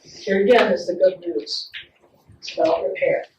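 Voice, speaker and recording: A woman play therapist giving a faith-based parenting talk, telling stories with animated acted-out quotes. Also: on the low side, normal speed, a little hiss or hum. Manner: warm, animated storytelling with acted-out quotes and laughs. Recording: echoey room, picked up from a distance.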